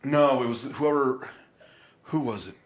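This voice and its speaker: A man's voice: mid-range voice, unhurried. Easygoing podcast co-host man. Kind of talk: casual chat.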